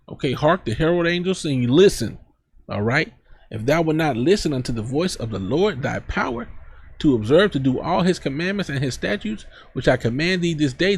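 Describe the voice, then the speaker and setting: A man's voice: on the high side, slightly rough. A man teaching from scripture, reading verses aloud and then explaining them in casual, blunt street talk. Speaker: preacher.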